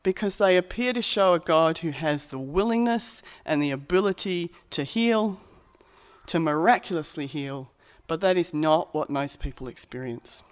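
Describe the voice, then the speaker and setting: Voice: medium pitch, expressive, normal speed. A preacher giving a sermon in a conversational, reflective way.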